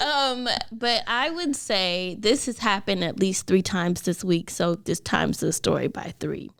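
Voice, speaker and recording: A woman's voice: medium pitch, a little slow, gravelly, a bit bright. A woman co-hosting a podcast in casual chat, rambling and laughing often. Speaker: podcast co-host.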